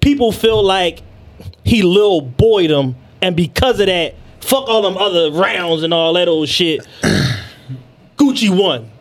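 A man's voice: high-pitched, very animated, takes it slowly. A man co-hosting a podcast, giving his laid-back, profane opinions in casual chat. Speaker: podcast co-host.

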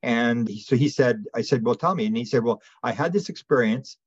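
A man being interviewed as a guest researcher, telling stories in a rambling, animated way with many restarts. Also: medium pitch, fairly quick, husky, highs cut off. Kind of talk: casual storytelling interview.

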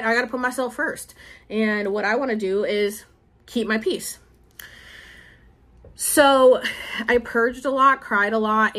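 Chatty, high-voiced young woman. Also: fairly bright tone. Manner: rambling and emotional, with many "like" and "um" fillers. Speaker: spiritual vlogger and podcaster. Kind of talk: casual personal monologue.

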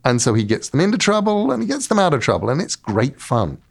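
A middle-aged man talks in a relaxed interview as a guest author. He tells stories with energy, slipping into little voices for the characters. His voice sits at an average pitch. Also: fast talker, gravelly. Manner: lively storyteller, acts out quotes. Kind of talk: casual interview talk.

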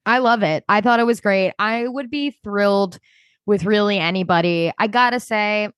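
A woman co-hosting a casual podcast chat, retelling scenes in an animated way and laughing often. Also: mid-range voice, normal speed, clear, resonant tone, no echo. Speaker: podcast co-host.

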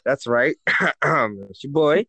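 A man co-hosting a casual podcast, playful and quick to laugh. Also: mid-range voice, expressive, vocal fry, bright, forceful tone, no echo. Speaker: podcast co-host.

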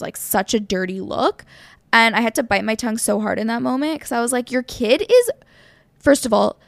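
A young woman co-hosting a podcast, telling stories in a casual, animated way with frequent "like". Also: medium pitch, gravelly, dry recording. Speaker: podcast co-host. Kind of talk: casual chat.

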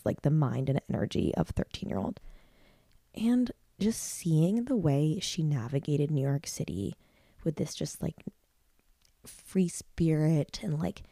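A woman's voice: low voice, dark tone, no echo. A woman hosting a solo podcast, talking in a rambling, heartfelt way full of "like" and restarts. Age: 20s. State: near tears at times. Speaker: podcast host.

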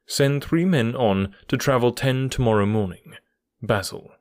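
A man reading the part of a confident Victorian detective, crisp and dryly critical. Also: mid-range voice, unhurried, a little mellow, dry recording, clean studio sound, lightly acted. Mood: brisk. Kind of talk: audiobook dialogue reading.

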